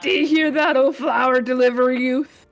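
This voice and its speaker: A woman's voice: high voice, fairly even intonation, normal speed, soft background music. A woman voicing a gloomy, melodramatic man who talks in grand, old-fashioned wording in a video game. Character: gloomy dramatic man in shambles.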